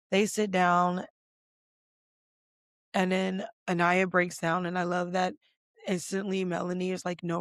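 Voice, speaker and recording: A woman host recaps reality TV in loose, profane, emphatic chat, with plenty of "like" fillers. Her voice has a gravelly, vocal-fry edge. The recording is dry and close, with no room sound. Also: fairly low pitch, dry recording. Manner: emphatic, heavy swearing, lots of "like" fillers; fired up, rising loud when indignant. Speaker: podcast host.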